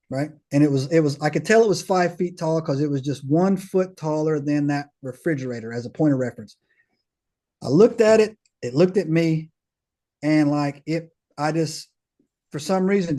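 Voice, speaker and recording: A man with a slightly raised voice tells his story as a podcast guest, loose and slangy. He keeps tossing in casual tags and checks that the listener is following. When he retells a scene he slips into the other people's voices. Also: a little high. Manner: slangy, peppers talk with "man", "bro", "right?"; animated, acts out others' dialogue.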